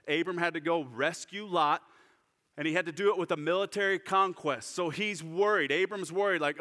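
A man preaching a sermon to his congregation, shifting from lively urgency to hushed, slow prayer. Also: high-pitched. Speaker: pastor. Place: church sanctuary. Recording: church hall reverb.

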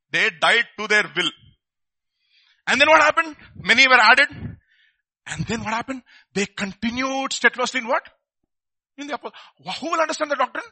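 In a high-pitched voice with no room sound, a man preaches a lively sermon. He poses rhetorical questions to his listeners and acts out the people in his stories.

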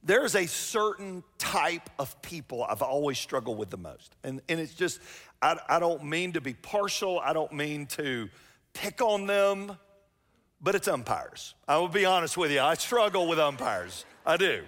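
A man's voice: a little high, big pitch swings, moderate pace, fairly bright tone. A middle-aged man, preaching a sermon as pastor in a chatty, self-mocking storytelling way. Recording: long reverb of a church hall.

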